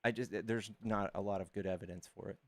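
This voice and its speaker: A man debating a caller on his stream, arguing fast, cutting in and trailing off mid-sentence. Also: on the low side, fairly even intonation, no echo, studio quality. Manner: argumentative, quick to interrupt, trails off mid-sentence. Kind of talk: casual debate.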